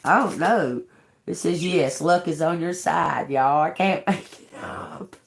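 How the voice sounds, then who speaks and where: A woman's voice: low voice, a little slow, gravelly. A woman hosting a tarot livestream, talking bluntly and telling a story with lots of swearing. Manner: blunt, profane, animated storytelling. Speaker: tarot reader livestream host. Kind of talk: casual livestream talk. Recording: echoey room.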